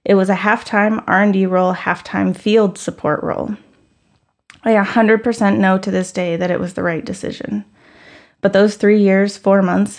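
A woman's voice: mid-range voice, vocal fry. A woman in her thirties telling a personal story in a candid, conversational, self-deprecating way.

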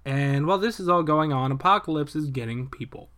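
Animated young man recapping a movie. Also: fairly high pitch. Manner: animated, profane retelling with quick voiced asides for characters. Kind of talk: casual movie plot recap.

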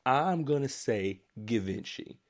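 A man from Maryland co-hosting a casual podcast, joking and teasing, often breaking into laughter. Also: takes it slowly. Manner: animated, jokey, breaks into laughs, lively pitch. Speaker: podcast co-host.

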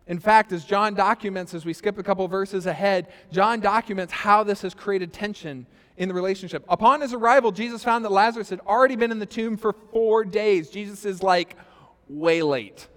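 A man in his thirties preaching a sermon, telling a personal story with quoted asides and loudness that rises and falls. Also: sits high, fairly even intonation, brisk, hardly any pauses. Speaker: pastor. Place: church sanctuary. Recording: reverberant church hall.

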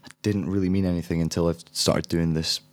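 A man's voice: low-pitched, flat delivery, brisk. A young adult man, a drama student, giving thoughtful, rambling interview answers with frequent restarts.

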